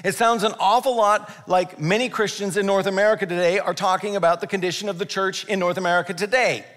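A man preaching a sermon as pastor, animated, with dramatic scripture readings and quick jokes. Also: high-pitched. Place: church sanctuary. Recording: long reverb of a large hall.

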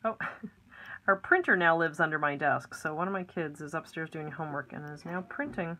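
A middle-aged woman with a slightly low voice teaches a craft project from her home desk. She talks in a chatty, homey way, full of ums and little asides as she works. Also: animated, normal speed, noisy background. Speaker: craft tutorial host. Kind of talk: casual step-by-step craft lesson.

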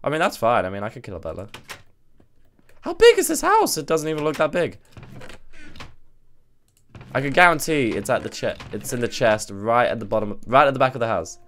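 A man's voice: mid-range voice, wildly swooping pitch, brisk, long pauses, a bit bright, slight background noise. Chatty man playing a game. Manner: chatty, swears, thinks aloud. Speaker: gaming video host. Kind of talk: let's play commentary. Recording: faint background music.

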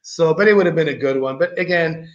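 Man, casual chatty vlog storytelling, raised pitch, echoey dull recording. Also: fast. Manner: rambling, chatty, digressive. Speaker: vlogger host.

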